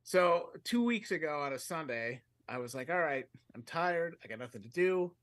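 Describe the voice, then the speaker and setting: A man with a fairly high voice spins a long, loose story on a comedy podcast. He rambles, cuts himself off and chuckles through his own sentences. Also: normal speed. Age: adult, with a fiance. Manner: rambling, animated, self-interrupting, laughs mid-sentence. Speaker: podcast co-host.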